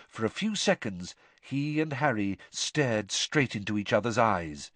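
Expressive male audiobook narrator. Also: medium pitch, dry recording. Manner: expressive, dramatic storytelling. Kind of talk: scripted narration of a novel.

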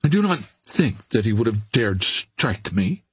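A man's voice: on the low side, big pitch swings, measured pace, husky, no echo, exaggerated voice. A man voicing a genteel young woman who speaks formally and with measure. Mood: wary. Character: young genteel woman, frightened but proud.

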